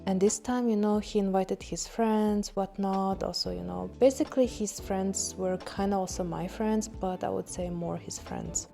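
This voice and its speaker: Young woman, podcast host, candid storytelling, frequent swearing, mellow tone, faint music underneath. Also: mid-range voice. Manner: frank, swears often, laughs at herself.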